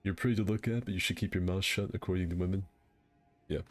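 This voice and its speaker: A young man with a very low voice hosts a laid-back gaming stream. He rambles through crude, joking banter. Faint music plays underneath. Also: fairly even intonation, fast talker. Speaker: streamer hosting a game fight night. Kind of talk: casual gaming stream chat.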